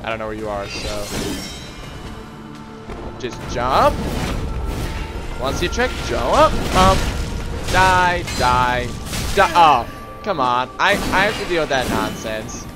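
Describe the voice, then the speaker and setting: A man's voice: mid-range voice, slow pace, long pauses. A man giving casual, jokey commentary while playing a video game, often talking to the enemies. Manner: excitable, jokey, talks to the enemies. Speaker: gaming video host. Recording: loud game music behind.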